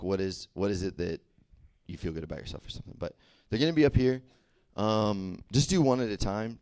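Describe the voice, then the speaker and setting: A man's voice: fairly low pitch, no room sound. Chatty young male youth preacher. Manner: chatty and animated, many fillers and "right?" check-ins. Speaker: youth pastor. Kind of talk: casual sermon.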